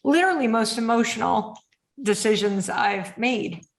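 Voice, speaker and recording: Animated woman host in a roomy room. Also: on the high side, unhurried, vocal fry. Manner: animated storyteller who acts out inner voices, blunt and swears freely. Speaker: podcast host. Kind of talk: candid conversational interview.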